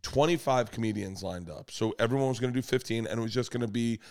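A man, a comedian guest on a podcast, telling stories casually with swearing and bursts of loud high-pitched laughter. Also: quick pace.

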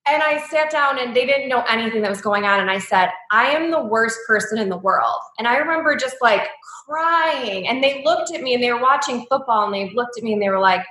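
A woman's voice: on the high side, lively intonation, fairly quick, hardly any pauses, bright, forceful tone, roomy sound, rough recording. A woman in her thirties telling her personal story as an interview guest, candid and emotional, with many likes and ums.

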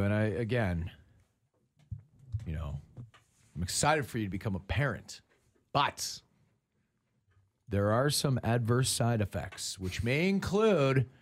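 A man in his thirties telling a casual story on a talk show, acting out the lines of his child and himself. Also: medium pitch. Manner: animated, acts out his child's and his own lines in quotes. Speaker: radio show co-host.

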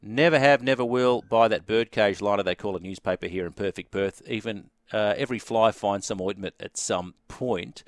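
A man's voice: fairly low pitch, normal speed, hardly any pauses, no room sound, clean studio sound. Chatty Australian man hosting a radio quiz. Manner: chatty, jovial. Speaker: radio host.

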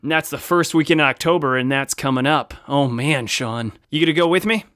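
A man co-hosting a casual podcast chat, playful and jokey with animated asides. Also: a little high, fairly quick, dry recording, studio quality. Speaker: podcast co-host.

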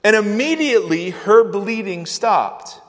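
A male pastor giving a conversational sermon, with animated swings between loud, emphatic lines and soft asides. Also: sits high, measured pace. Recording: long church-hall reverb.

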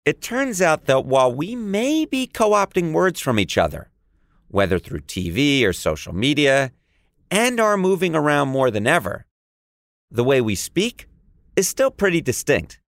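A man's voice: a little high, big pitch swings, a little slow, a bit bright, dry recording, studio quality. A young man with a New York accent, hosting a podcast with playful, jokey narration. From New York area. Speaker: podcast host. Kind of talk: scripted podcast narration and chat.

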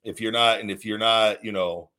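A man's voice: fairly low pitch, fairly even intonation, moderate pace, bright, forceful tone. A man hosting a call-in podcast, giving blunt, rambling fitness advice in a casual, teasing way. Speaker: podcast host.

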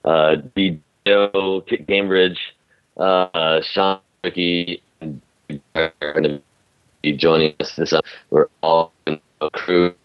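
Deep slow man on a dull line. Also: level tone, smooth. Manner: halting, stumbling. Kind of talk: casual chat.

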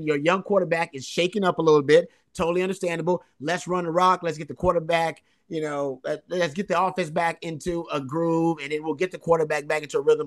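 A man's voice: a little high, fairly bright tone. A man co-hosting a sports podcast, analyzing a football game in casual talk and stressing points by repeating phrases. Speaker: co-host.

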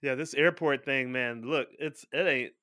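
An easygoing man co-hosting a podcast, chatting loosely. His voice has a bright, forward edge, and the sound is dry and close to the mic. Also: mid-range voice, normal speed, no room sound. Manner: easygoing, laughs often. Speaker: podcast co-host. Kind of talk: casual chat.

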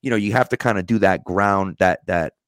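Male podcast co-host, low voice, relaxed explainer, dry close recording. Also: brisk, no echo. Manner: relaxed, explains things, says "right?" often. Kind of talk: casual chat.

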